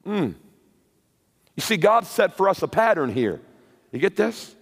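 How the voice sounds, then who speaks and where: A man preaching a sermon with passion, rising to shouted peaks and repeating words. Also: high voice, big pitch swings, unhurried, gravelly, breathy edge, big-room sound. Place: church or camp meeting hall.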